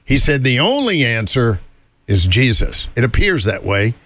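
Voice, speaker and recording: A man's voice: mid-range voice, big pitch swings, normal speed, fairly bright tone. A man hosting a morning show, chatting casually and rambling with fillers and chuckles. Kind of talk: casual radio chat.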